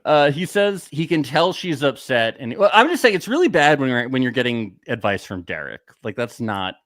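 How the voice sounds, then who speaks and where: A man's voice: medium pitch, lively intonation, moderate pace, a bit bright, no echo, studio quality. A young man hosting a podcast, chatting casually and sarcastically about a reality show, laughing often. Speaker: podcast host. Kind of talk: casual recap chat.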